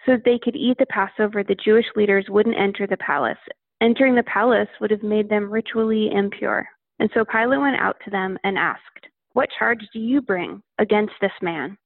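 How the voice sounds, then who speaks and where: Gravelly woman reading scripture. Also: medium pitch, steady tone, fairly quick, no echo. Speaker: scripture reader. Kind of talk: Bible reading. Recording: tinny phone-like line.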